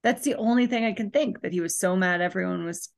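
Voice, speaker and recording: A woman's voice: mid-range voice, fast, creaky. A woman in casual chat, reacting with jokes and questions as she listens to a story.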